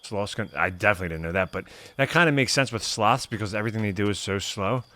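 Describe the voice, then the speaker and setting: A man streaming a video game, giving excitable commentary full of swearing and jokes. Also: lowish voice, fast. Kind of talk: gameplay commentary. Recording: voice over game music.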